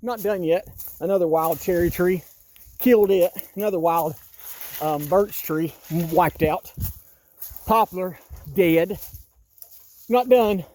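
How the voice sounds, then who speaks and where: A vlogger in his fifties walks through his wooded yard outdoors, ranting in an agitated, exasperated way and repeating himself. His voice sits high with a darkish tone, and he speaks slowly with long pauses.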